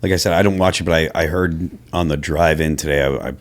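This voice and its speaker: An extremely low-pitched man talking on a casual podcast panel. He searches for words and lets sentences trail off. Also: fairly even intonation, fast talker. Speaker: podcast co-host.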